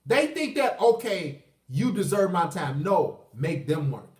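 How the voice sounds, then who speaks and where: A man's voice: sits high, sing-song, unhurried. A man ranting in a profane, emphatic, combative livestream monologue. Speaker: vlogger. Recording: echoey room, far from mic.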